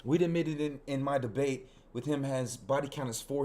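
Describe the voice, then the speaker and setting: A man's voice: medium pitch, steady tone, moderate pace, few pauses, darkish tone, a little hiss or hum. A man giving casual ranting reaction commentary, profane and emphatic, repeating phrases for stress. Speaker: video host reacting to clips.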